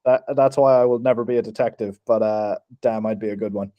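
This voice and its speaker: A young man co-hosting a podcast, talking in a halting, giggly way with many restarts in a casual comedy chat. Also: fairly low pitch, steady tone, no echo, dull audio. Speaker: podcast co-host.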